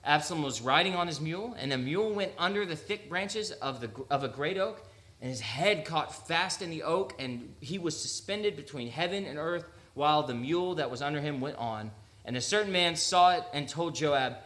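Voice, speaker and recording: A young preacher talks through scripture in a casual, conversational sermon, dropping jokes and playing the characters' lines. His voice sits a bit high and rings bright and forward. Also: lively intonation, normal speed. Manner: conversational, joking asides, acts out quotes in voices. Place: church sanctuary.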